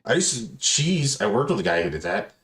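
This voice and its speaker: In casual chat, a male podcast host with a medium-pitched voice speaks a little fast. His stories ramble, swear freely, and come alive as he acts out the characters' lines.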